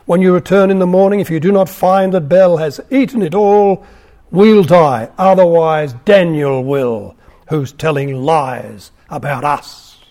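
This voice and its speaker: Smug, scheming ancient priests, read out by a man. Their speech is insistent and self-assured, in a high, warm voice. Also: measured pace.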